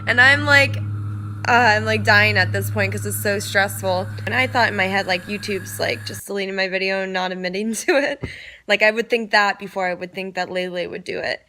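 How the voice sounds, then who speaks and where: A woman's voice: mid-range voice, a little fast. A young woman telling a personal story casually, peppering it with "like" and quoting others. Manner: chatty, heavy use of "like", animated quoting.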